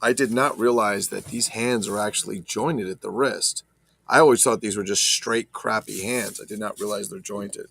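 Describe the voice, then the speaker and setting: A man's voice: lowish voice, fairly even intonation, moderate pace, creaky, a bit bright, no echo. A man casually chatting about his toy collection, rambling and swearing as he talks to viewers. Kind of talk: casual unboxing chat.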